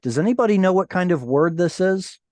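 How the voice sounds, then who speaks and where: A man's voice: sits high, lively intonation, darkish tone, no echo. Patient man teaching an online Hebrew class. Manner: patient, explanatory, pronounces Hebrew words slowly. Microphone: video call.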